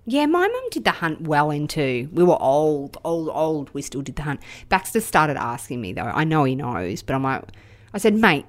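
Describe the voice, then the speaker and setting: Woman, thirties, casual chat, lively up-and-down voice, slightly low pitch. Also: moderate pace. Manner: animated storytelling, acting out quoted voices.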